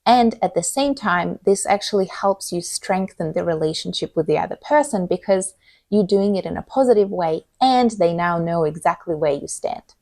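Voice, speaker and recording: A woman with a lowish, gravelly voice gives communication advice straight to camera. She sounds earnest and reassuring as she lays out examples one by one. The sound is dry and close, with no room echo. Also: lively intonation, normal speed, a little mellow. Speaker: communication coach.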